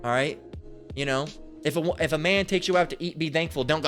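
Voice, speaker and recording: A man's voice: a little high, fairly quick, fairly bright tone, soft background music. Stammering, foul-mouthed male street preacher. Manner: crude, stammering, keeps asking "right?". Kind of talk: profane Bible commentary rant.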